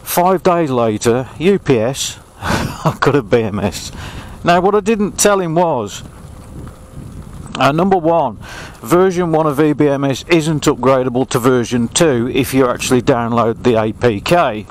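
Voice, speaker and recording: This English vlogger talks at a measured pace in a mid-range voice as he rides a former railway path. Chatty and self-deprecating, he grumbles along the way, on a rough recording with some hiss or hum.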